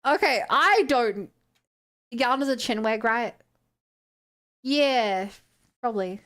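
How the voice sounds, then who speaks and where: A woman's voice: a little high, lively intonation, slow pace, fairly bright tone. A young woman with a New Zealand accent, chatting casually with her stream audience in a playful, incredulous way. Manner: playful, exclaims in disbelief, laughs. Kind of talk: casual stream chat, reading chat.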